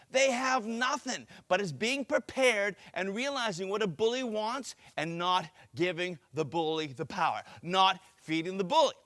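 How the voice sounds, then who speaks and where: A man's voice: sits high, a bit bright. A man giving an upbeat anti-bullying talk at a school assembly, coaching kids through role-play.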